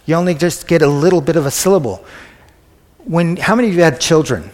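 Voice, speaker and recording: A man's voice: on the high side, animated, fairly quick. A man preaching a conversational sermon who often asks the congregation questions. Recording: echoey hall.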